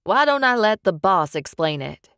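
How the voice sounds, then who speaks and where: A woman's voice: mid-range voice, big pitch swings, normal speed, fairly bright tone, clean tone, dry recording, studio quality. A woman voicing a heavyset young male henchman who talks bluntly and offhand.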